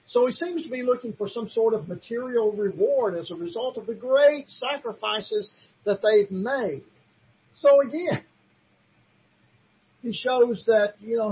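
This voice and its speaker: A man with a notably high voice teaches a Bible study in sermon style. He presses his points emphatically and poses rhetorical questions to his listeners. The recording is muffled and lo-fi. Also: husky. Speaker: preacher teaching a Bible class.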